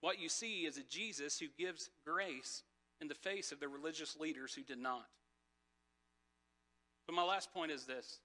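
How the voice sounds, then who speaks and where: A man's voice: fairly high pitch, normal speed, pauses often, pushed and bright. A man preaching a casual sermon, telling a personal story with many fillers and restarts. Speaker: pastor.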